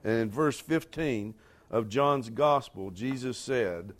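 Male pastor mid-sermon, mid-pitched voice, speaks directly to the congregation, rises to forceful emphasis. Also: takes it slowly. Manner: rising to emphatic near-shouts on key lines; addresses the congregation directly, conversational asides.

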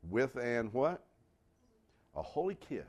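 A man preaching a sermon as pastor, animated and asking his congregation questions. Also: medium pitch, slow. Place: church.

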